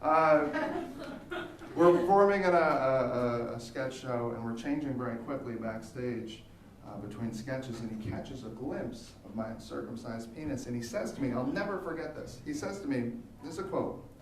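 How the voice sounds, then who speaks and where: A young man performing an animated stand-up comedy set on a theater stage, jumping into high squeaky voices for the people he quotes. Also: normal speed, slight background noise. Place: theater stage, live audience. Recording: echoey theater from far off.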